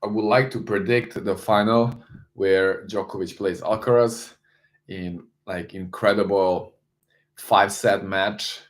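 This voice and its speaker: A man with a somewhat low voice hosts a casual live stream. He greets viewers and answers the chat in a loose, chatty way. His sentences often stop and start again. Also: fairly even intonation, measured pace. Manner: loose and searching, with frequent restarts.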